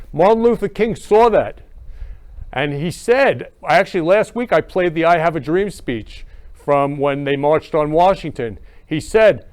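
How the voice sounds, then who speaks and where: A man's voice: a little high, animated, measured pace, darkish tone. A man hosting his own show, talking in a gushing, repetitive way. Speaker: show host. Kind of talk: emotional casual talk.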